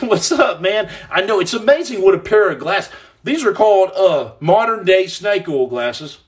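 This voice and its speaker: A man's voice: high-pitched, very animated, moderate pace. A man hosting a casual livestream podcast, reading viewer comments aloud with joking, rambling banter and playful nicknames. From United States.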